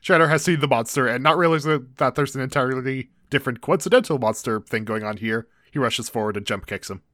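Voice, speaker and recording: A man's voice: mid-range voice, fast, fairly bright tone, no room sound, studio quality. A man co-hosting a casual recap chat, walking through the plot in a wry, laid-back way. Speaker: podcast co-host.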